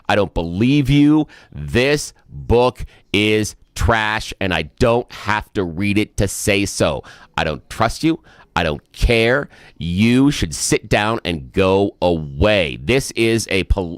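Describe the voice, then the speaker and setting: Lower-voiced man ranting on talk radio. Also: sing-song, unhurried, no room sound, clean studio sound. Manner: emphatic, exasperated ranting. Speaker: radio talk show co-host. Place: radio studio.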